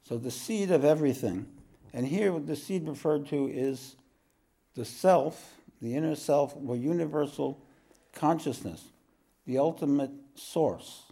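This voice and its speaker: Slow, mellow-voiced male spiritual teacher. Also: a little high. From East Coast of the United States. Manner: slow, wandering delivery with frequent throat clearing and jokes. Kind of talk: relaxed spoken teaching to a group.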